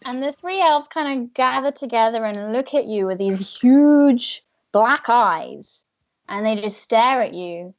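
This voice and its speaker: A woman narrates a tabletop game as game master in a casual way, with lots of fillers. Her voice sits a bit high, and the audio is slightly muffled and lo-fi. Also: expressive, measured pace. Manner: casual, filler-heavy storytelling.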